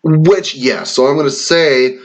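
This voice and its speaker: Speaking a little high with a steady tone and no hurry, a Wisconsin man rambles casually while taking online quizzes for his vlog. He reads the questions out and swears now and then as he riffs on them.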